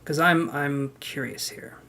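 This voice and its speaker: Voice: mid-range voice, unhurried, gravelly, bright, forceful tone. A tarot reader giving a casual live-streamed reading, chatty and talking straight to the viewer with frank asides.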